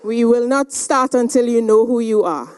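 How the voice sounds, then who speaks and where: Woman doing stern elder woman leader, commanding, scolding, high raised voice. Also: normal speed, darkish tone, clean tone, natural voice. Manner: demanding, scolding, emphatic.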